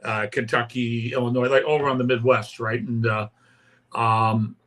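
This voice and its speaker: Bright-voiced older man telling road stories. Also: mid-range voice, fairly even intonation, moderate pace. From Canada. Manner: rambling anecdotes with many "right?" tags and acted-out quotes. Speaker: interview guest, punk musician. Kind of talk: casual storytelling interview.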